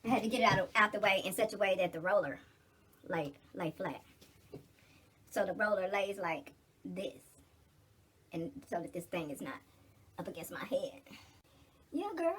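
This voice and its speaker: A woman's voice: mid-range voice, animated, normal speed, long pauses, a bit bright, husky. A middle-aged woman in casual get-ready-with-me chat, blunt, preachy and full of cursing. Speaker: vlogger.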